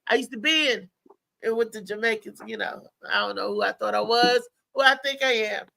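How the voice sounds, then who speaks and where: Gravelly, bright-voiced woman comedian. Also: fairly high pitch, a little fast. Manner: loud, laughing, rambling storyteller with restarts. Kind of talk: casual talk-show banter.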